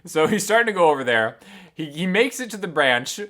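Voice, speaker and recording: A man hosting a guitar channel, casually telling an animated story and chuckling often. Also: on the high side, a little fast.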